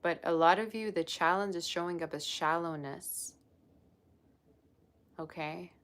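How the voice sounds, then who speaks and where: Low-voiced woman gushing over a tarot reading. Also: a little slow, a bit bright. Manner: gushing, chatty and effusive. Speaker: tarot reader. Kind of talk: live-streamed tarot reading.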